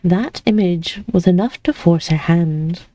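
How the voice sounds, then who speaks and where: A woman streamer reading a story aloud in a relaxed, unhurried manner. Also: lowish voice, no room sound, lo-fi sound. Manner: relaxed and unhurried, with casual asides.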